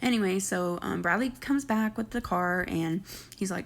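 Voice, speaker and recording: A woman's voice: medium pitch, moderate pace, creaky. A young woman casually recapping a reality show episode, chatty and opinionated with gossipy asides.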